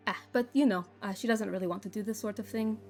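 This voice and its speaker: A woman playing a tabletop game in character, halting and dry, with lots of fillers. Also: medium pitch, darkish tone, soft background music. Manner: halting, sarcastic, many fillers. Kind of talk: in-character role-play chat.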